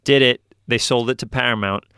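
A man, a voice actor telling stories in an animated, fast-talking way during an interview. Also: medium pitch, smooth, no echo, studio quality. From New York. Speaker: voice actor guest. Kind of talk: casual interview talk.

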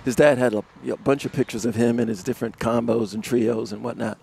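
Man with a gravelly voice, guest on live radio, animated storyteller, laughs a lot. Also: medium pitch, a little fast. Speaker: musician guest. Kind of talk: casual storytelling interview. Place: outdoors in front of a music studio complex.

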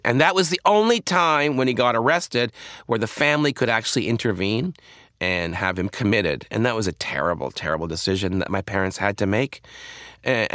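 Male guest, low-ish animated voice, halting candid storytelling, dry close mic. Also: no room sound. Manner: halting, frequent restarts and fillers. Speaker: interview guest, comedian.

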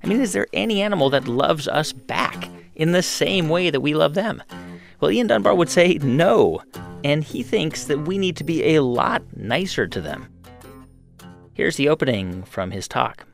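A man's voice: fairly high pitch, lively intonation, moderate pace, vocal fry, soft background music. A man hosting a radio show, asking questions in a curious, conversational way. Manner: inquisitive, conversational. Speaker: radio host. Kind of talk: radio interview and narration.

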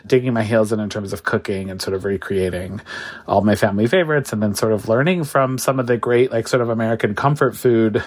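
A man's voice: fairly low pitch, a little fast. A man in his thirties, a food creator and cookbook author, chatting as a podcast guest, self-mocking and loose, full of "like" and "sort of" fillers. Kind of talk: casual podcast interview.

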